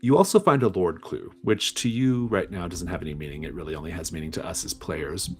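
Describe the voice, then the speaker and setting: A man narrating as game master in a measured, descriptive storytelling manner. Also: deep voice, lively intonation, darkish tone, soft background music.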